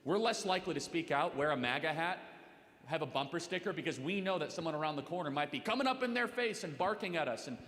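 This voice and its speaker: A man's voice: fairly high pitch, expressive, fast. Urgent man exhorting in an echoey hall. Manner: urgent, exhorting, rising to forceful emphasis. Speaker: talk radio host on a panel. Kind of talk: impassioned panel speech. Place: large hall with audience.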